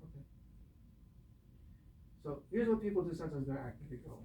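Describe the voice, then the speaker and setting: A man's voice: on the high side, lively intonation, a little fast, warm tone, slight background noise. A man coaching an actor through a scene, giving patient, step-by-step directions from behind a mask. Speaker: acting coach. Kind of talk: directing an acting exercise. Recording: roomy echo, distant mic.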